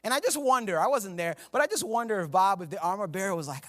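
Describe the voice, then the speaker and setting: A pastor preaches a joking, conversational sermon in a church sanctuary, chuckling at himself between readings from scripture. He talks quickly with few pauses, his high voice expressive and fairly bright.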